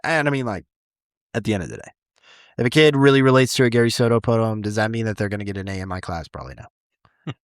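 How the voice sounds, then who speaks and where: A man who teaches high school English, chatting casually on a podcast and rambling with frequent restarts and the odd swear word. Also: fast talker, long pauses, clear, resonant tone, dry recording, clean studio sound.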